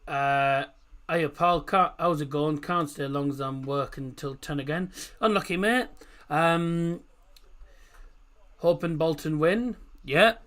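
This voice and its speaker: A man's voice: a little high, slow pace, a bit bright. A man hosting a casual football watchalong stream, rambling through chat messages with lots of fillers.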